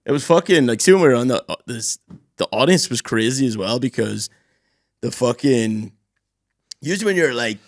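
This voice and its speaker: A young man, co-hosting a podcast in a studio and telling stories in lively casual chat, swearing freely. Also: mid-range voice, no room sound. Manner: animated storyteller, swears freely, does loud voices. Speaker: podcast co-host.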